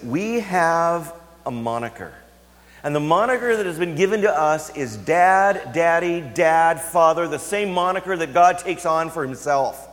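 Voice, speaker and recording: A man preaching a sermon as a pastor, telling a family story and dropping to hushed, intimate tones for emphasis. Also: on the high side. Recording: long hall reverb.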